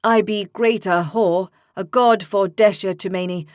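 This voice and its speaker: A male companion who drags out each word in broken grammar, slow and halting, with a dry and close sound, played by a woman narrator. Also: mid-range voice, steady tone, no echo, natural voice. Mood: proud.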